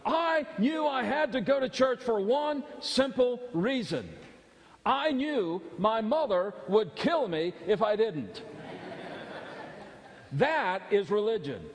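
A man's voice: very high-pitched, expressive, takes it slowly. A man preaching a sermon as pastor, emphatic and repetitive, his voice building in fervor. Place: church sanctuary. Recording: long hall reverb.

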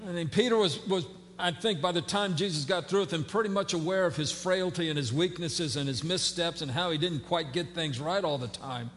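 A man's voice: a little high, fairly quick, few pauses, fairly bright tone, in a large hall. A man preaching a sermon as pastor, conversational and folksy, with fillers and playful asides. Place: church sanctuary.

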